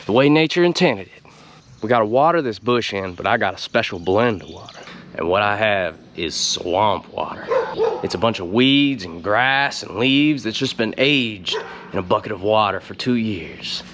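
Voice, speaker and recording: A man's voice: fairly low pitch, normal speed. Folksy man, noisy outdoor yard. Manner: folksy, drawling, deadpan innuendo. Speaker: gardening show host. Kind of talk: comedic gardening tutorial.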